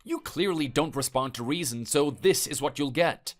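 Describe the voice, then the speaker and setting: A man's voice: on the high side, expressive, moderate pace, faint music behind. A man voicing a stern husband in a text message story, lecturing and threatening.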